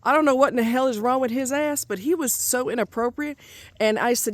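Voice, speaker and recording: A woman's voice: high voice, brisk, dry recording. A middle-aged woman ranting angrily in a vlog, swearing a lot and repeating herself for emphasis. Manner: heated, profane, repetitive ranting. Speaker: vlogger. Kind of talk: angry vlog rant.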